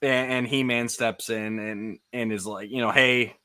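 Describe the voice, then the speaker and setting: A man co-hosting a casual fan podcast, animated and quick to laugh, often restarting his sentences. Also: on the low side. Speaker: podcast co-host.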